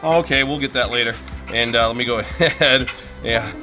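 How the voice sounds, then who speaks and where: A middle-aged man talks at normal speed in a medium-pitched voice while hosting a casual griddle cooking video, over music. He's in his home garage, chatting away and laughing often.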